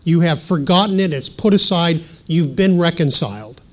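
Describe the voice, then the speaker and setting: A man's voice: a little high, normal speed. A middle-aged man preaching a sermon in an earnest teaching manner, reading scripture aloud and adding self-deprecating asides.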